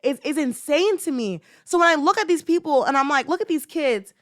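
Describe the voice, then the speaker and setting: A high-voiced young woman hosting a casual commentary show, heated and emphatic, repeating herself and dropping slang. The sound is close and dry, with no room around her. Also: expressive, fairly quick, no echo. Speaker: podcast host.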